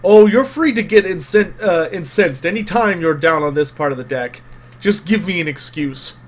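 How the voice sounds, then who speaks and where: A man's voice: on the high side, moderate pace, close to an everyday voice. A man voicing a surly, contemptuous male ship's deckhand who growls his words. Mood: irritated.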